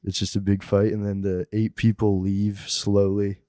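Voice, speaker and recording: A young man, a stand-up comedian guesting on a podcast, tells a story in a casual, animated, profane way and laughs between lines. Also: fairly low pitch, moderate pace, no room sound, clean studio sound. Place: podcast studio. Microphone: studio mic.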